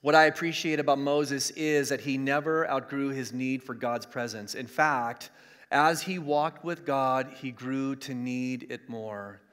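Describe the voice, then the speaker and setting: A man's voice: mid-range voice, steady tone, unhurried, fairly bright tone, clean tone. A middle-aged man preaching a sermon as pastor, driving points home by repeating them, streamed from his church. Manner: emphatic, repeats key lines for emphasis. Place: church streaming an online service. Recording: long hall reverb.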